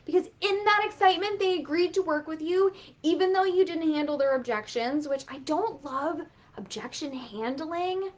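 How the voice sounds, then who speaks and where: A woman business coach giving a casual motivational talk, animated and swearing freely as she acts out quotes. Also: high voice, moderate pace, highs cut off.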